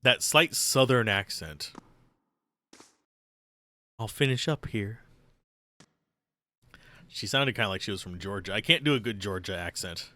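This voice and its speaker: A man's voice: lowish voice, animated, a little fast, few pauses, pushed and bright, dry recording. A man streaming a role-playing game, chatting casually, reading the on-screen text aloud and calling out moves for his party. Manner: chatty, giving tactical calls to his party. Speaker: let's play streamer.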